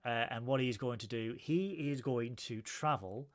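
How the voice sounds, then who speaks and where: A man's voice: mid-range voice, normal speed. A man with a Northern English accent co-hosting a casual review podcast, recapping the plot at length with plenty of ums and uhs. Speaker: podcast co-host.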